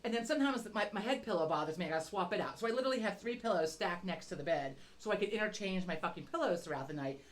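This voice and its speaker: A woman's voice: medium pitch, animated, racing, hardly any pauses. Foul-mouthed woman telling a rambling story. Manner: rambling, swears constantly, self-deprecating storytelling. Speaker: podcast co-host. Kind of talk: casual chat.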